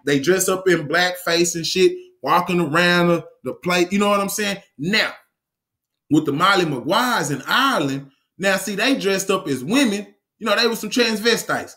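Guy with a pretty high voice going off in a cussing rant, lecturing hard, keeps restarting his sentences. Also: lively intonation, moderate pace, sharp tone. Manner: profane, emphatic, confrontational, frequent restarts. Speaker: online lecturer. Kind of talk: ranting monologue lecture.

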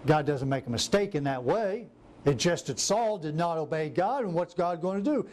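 Animated preacher man with a lively voice. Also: a little high, normal speed, slight background noise. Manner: animated, acts out biblical quotes in varied voices. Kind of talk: sermon.

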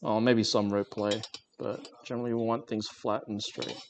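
A man's voice: lowish voice, level tone, moderate pace, gravelly, background noise. A man livestreaming while he crafts, chatting casually with viewers in a rambling, joking way with lots of fillers. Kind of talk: casual live-stream chat while crafting.

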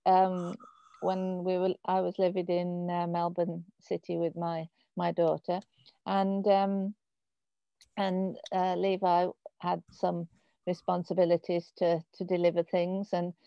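A woman's voice: fairly low pitch, flat delivery, takes it slowly, clear, resonant tone, no echo. Chatty Birmingham woman on a video call. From Birmingham, England. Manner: chatty, hesitant, many ums and restarts. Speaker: host. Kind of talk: hosting a video-call conversation. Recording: dull lo-fi video call audio.

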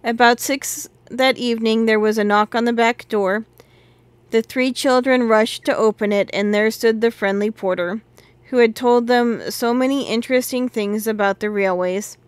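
A woman reading a classic children's novel aloud in steady, measured storybook narration on a close mic. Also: on the high side, clear, resonant tone, no echo. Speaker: audiobook reader.

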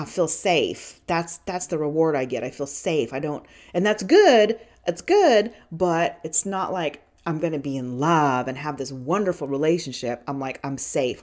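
A woman's voice: low-pitched, darkish tone. Frank, swearing woman telling her story. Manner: frank and profane, with many restarts and fillers. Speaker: podcast host. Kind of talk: candid personal storytelling.

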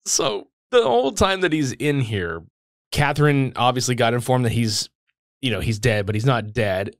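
A man's voice: medium pitch, no echo, clean studio sound. A man hosting a film podcast, casually recapping the plot and swearing freely. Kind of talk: casual film-review chat.

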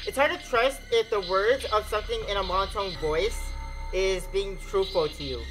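A man hosting a horror game let's play, reading dialogue and reacting in an animated way with casual swearing. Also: sits high, moderate pace, poor audio. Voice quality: animated, swears when startled. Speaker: gaming channel host. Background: faint game music.

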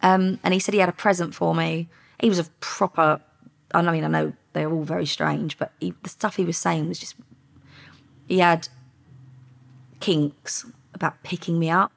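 A woman's voice: on the low side, steady tone, moderate pace, vocal fry. A woman, a former undercover police officer, recounting her work bluntly and candidly in an interview. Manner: blunt, candid retelling with frank language. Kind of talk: interview storytelling.

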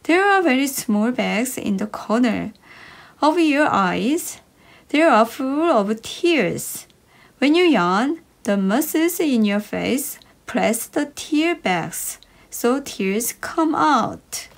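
A woman reading short English science stories for children in a slow, bouncy storybook manner. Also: a little high, very animated, creaky. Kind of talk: slow expressive read-aloud for kids.

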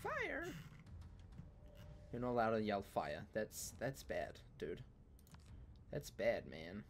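A man's voice: on the low side, expressive, a little slow, a little hiss or hum. A man chatting casually while streaming a game, playful and teasing, often repeating himself. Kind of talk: casual gameplay chat.

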